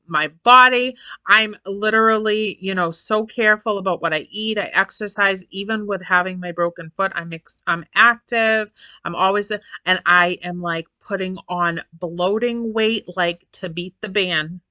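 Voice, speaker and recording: A woman's voice: medium pitch, measured pace, pushed and bright, smooth, dry recording. A woman in her forties chatting casually to camera as a vlogger, repeating phrases for emphasis and laughing often. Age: 40s.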